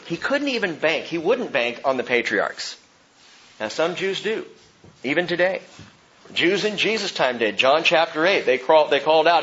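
A man preaching a sermon as pastor, impassioned, jumping from loud outbursts to hushed tones. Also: fairly high pitch, big pitch swings, measured pace, lo-fi sound.

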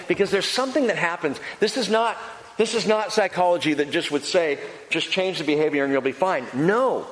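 Male pastor, lively emphatic preaching, long hall reverb, repeats key lines. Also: on the high side. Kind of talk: sermon.

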